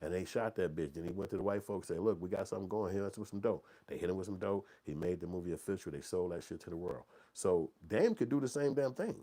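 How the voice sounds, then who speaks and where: A man from in his forties, talks in a loose, profanity-heavy ramble. His voice sits very low and has a soft, mellow tone. He runs his casual commentary as an animated street story. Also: quick pace, few pauses. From Chicago. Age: 40s. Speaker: movie channel host.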